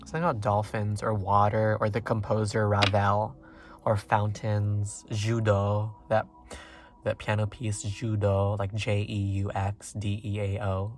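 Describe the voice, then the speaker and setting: Excitable, rambling man reading tarot. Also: unhurried. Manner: rambling and excitable, with many fillers and sudden jumps in pitch. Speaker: tarot reader. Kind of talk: casual pick-a-card tarot reading.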